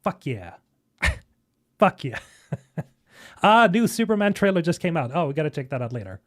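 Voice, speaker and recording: A man hosting a live stream, reacting casually and excitedly to a game video, thinking aloud and swearing. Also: on the high side, normal speed. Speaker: streamer host.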